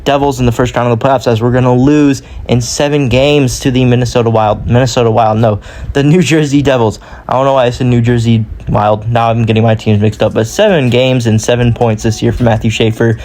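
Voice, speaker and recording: A man's voice: medium pitch, steady tone, a little fast, a little mellow. A young man talking through a hockey sim career in casual commentary, rambling and often correcting himself mid-sentence. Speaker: gaming YouTuber.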